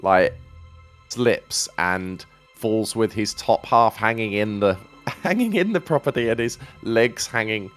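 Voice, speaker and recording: A man playing a tabletop game, describing his character's actions slowly with amused laughter. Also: lowish voice, expressive, faint music behind. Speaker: player. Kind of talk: casual tabletop play.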